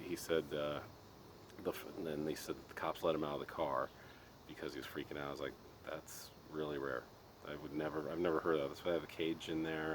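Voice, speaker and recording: A middle-aged man venting in a casual monologue, exasperated and ranting, restarting often. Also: a bass voice. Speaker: podcast host. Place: Colorado. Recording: noisy background.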